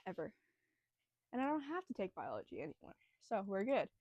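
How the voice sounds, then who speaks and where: A woman's voice: medium pitch, wildly swooping pitch, fast talker, dry recording, lo-fi sound. A young woman hosting a casual educational podcast, nervous and breathing heavily, rambling through the material with lots of fillers and self-deprecating asides. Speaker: student host explaining biology.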